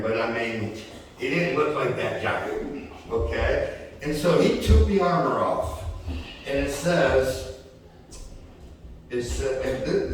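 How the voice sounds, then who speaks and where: Folksy preacher in an echoing church. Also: male voice, medium pitch, a little hiss or hum. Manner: folksy, conversational, keeps asking "right?" and "okay?". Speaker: pastor. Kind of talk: sermon. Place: church sanctuary. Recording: echoey church hall from far off.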